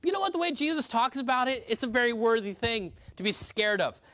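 A man's voice: very high voice, expressive, quick pace, sharp tone, no room sound. A man preaching an earnest sermon to his congregation, often restarting and repeating words as he reads scripture aloud. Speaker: pastor.

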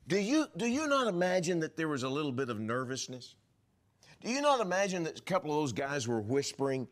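A man's voice: fairly high pitch, big pitch swings, fairly quick. A man preaching a sermon as a pastor, telling the story in vivid scenes and acting out the voices of the people in it. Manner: drops to a whisper for asides.

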